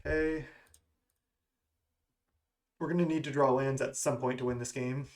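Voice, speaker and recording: Gaming creator, male, mid pitch, casual running commentary on his own play. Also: steady tone, moderate pace. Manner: musing, self-questioning strategy talk. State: has the hiccups. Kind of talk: thinking aloud during card game play.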